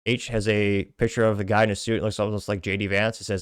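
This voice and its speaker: A man with a fairly low voice hosts a podcast, casually reading comments aloud and commenting on them. He stumbles and restarts often, joking at his own expense. The recording is dry and close. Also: steady tone, quick pace, clear, resonant tone, no echo. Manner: stumbling, self-deprecating, frequent restarts. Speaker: podcast host.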